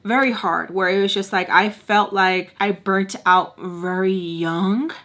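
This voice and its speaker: A woman in her twenties tells a casual storytime in a slangy, animated way, acting out the voices of everyone she quotes. Her voice sits in an ordinary middle pitch. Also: measured pace. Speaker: vlogger.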